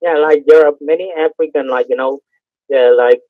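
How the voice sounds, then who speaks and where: A man with an Indian accent speaks haltingly over a dull, dry phone line, leaning on fillers as he searches for words. His voice sits a touch high for a man. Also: fairly even intonation, dry recording. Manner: hesitant, full of fillers. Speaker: phone scammer. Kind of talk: phone call.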